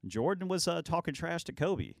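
A man hosting a sports talk show, telling lively basketball anecdotes and acting out what players said. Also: a little high, normal speed, vocal fry, dry recording. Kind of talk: casual sports storytelling.

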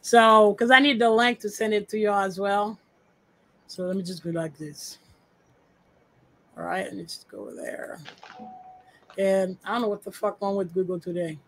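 A woman with a medium-pitched, slightly bright voice co-hosts a podcast, talking at normal speed with fairly even intonation and frequent pauses. She's blunt and profane, muttering to herself as she sorts files on screen during the casual chat. The low-quality recording has a little hiss or hum.

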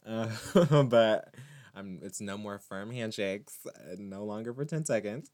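A man vlogging to his viewers in a casual monologue, animated and teasing, rambling with many restarts. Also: on the low side, normal speed.

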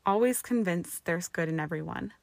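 A woman voicing a cold, arrogant young wizard who taunts in a slow, drawling way. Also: lowish voice, vocal fry, no echo.

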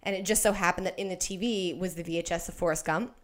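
A woman's voice: fairly low pitch, steady tone, quick pace. A young woman from Colorado in casual podcast chat, talking freely and laughing often as she quotes things. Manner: chatty, laughs often, playful quoting.

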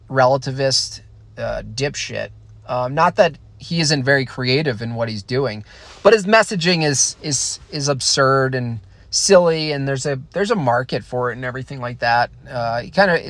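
A man's voice: mid-range voice, dry recording. A man casually answering viewer questions, blunt and opinionated, often restarting his sentences. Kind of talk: casual stream Q&A.

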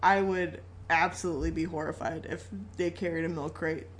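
Laughing, animated woman recapping a movie. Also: low voice, normal speed, a little hiss or hum. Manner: animated, laughing, swearing freely. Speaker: podcast co-host. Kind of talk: casual movie recap chat.

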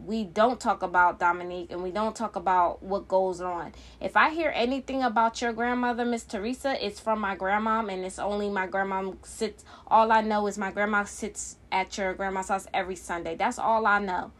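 A woman's voice: mid-range voice, fairly even intonation, moderate pace, fairly bright tone. A woman, a mother, telling a casual storytime about a family conflict, heated and profane, often repeating what she said. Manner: heated, profane, repeats "I said" while quoting herself.

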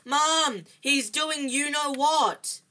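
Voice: medium pitch, moderate pace, fairly bright tone, close to an everyday voice. Dudley, a whiny bully boy as a reader puts him on. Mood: howling. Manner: whiny, sneering, stammering when scared. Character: spoiled bullying chubby boy cousin. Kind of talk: amateur read-aloud storybook.

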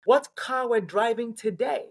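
A woman's voice: fairly high pitch, measured pace, gravelly, slightly rough. A woman from Nigeria, a pediatrician and coach, talking emphatically in an interview and repeating phrases for effect. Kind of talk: animated interview talk.

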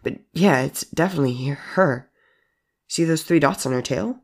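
A man's voice: a little high, moderate pace. A man voicing an earnest, giddy nonbinary young adult in a storybook audio drama, with a raised, eager voice.

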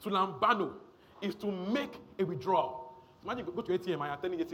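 A man's voice: high voice, expressive, fast, fairly bright tone, slight background noise. A man preaching a sermon, emphatic and repetitive, often checking in with the congregation.

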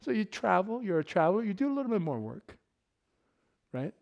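A man's voice: high-pitched, very animated, fairly quick, gravelly, a little mellow, dull audio. A middle-aged man giving a casual sermon full of personal stories, joking and laughing often. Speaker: pastor.

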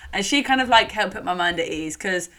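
A woman's voice: medium pitch, expressive, fairly quick, sharp tone. A young woman telling her own story in a chatty, candid podcast monologue, swearing casually and using lots of fillers. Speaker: podcast host.

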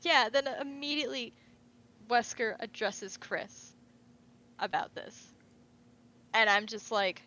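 A woman co-hosting a casual fan podcast, retelling game scenes in an animated way and quoting the characters. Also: on the high side, slow pace, long pauses, slight background noise, poor audio. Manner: animated storytelling, quotes characters in asides. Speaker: podcast co-host.

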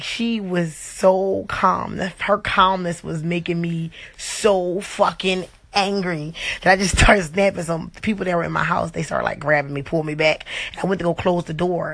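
A young mother tells a story from her own life at home, her voice sitting a little low. She is animated and profane, and she jumps into everyone's lines as she tells it. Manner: animated, profane, acts out the other people's lines. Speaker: mother telling a personal story. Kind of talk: casual storytime to camera.

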